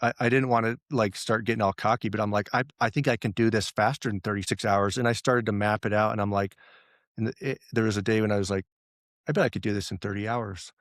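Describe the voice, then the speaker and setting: A man's voice: on the low side, steady tone, fast talker, no echo, studio quality. A man talking as a podcast guest, telling stories and quoting his own thoughts, laughing often. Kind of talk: casual interview chat.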